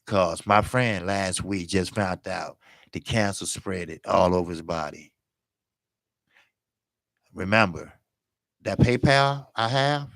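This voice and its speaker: A man with a lowish, gravelly voice hosts a boxing channel in loose live-stream chat. He is earnest and blunt, hammering points home by saying them again. The sound is close and dry. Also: fairly bright tone, dry recording. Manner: earnest and blunt, repeats himself for emphasis. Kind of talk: casual live-stream commentary.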